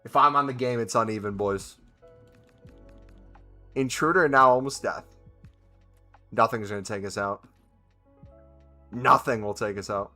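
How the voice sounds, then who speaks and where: A man's voice: mid-range voice, lively intonation, moderate pace, pauses often, sharp tone, faint music behind. A man streaming a video game, chatting casually and answering viewers' questions as he plays. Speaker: gaming streamer. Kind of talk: casual live-stream commentary.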